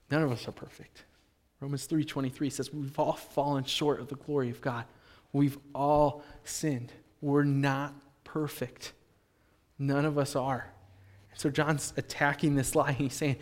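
A man preaching a sermon as pastor, animated, acting out imagined speakers and swinging between loud and soft. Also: medium pitch, measured pace, big-room sound.

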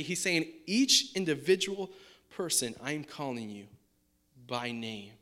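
Man, pastor, sermon, conversational, asks listeners questions, slightly high voice. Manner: puts on a high excited dog-talk voice at times.

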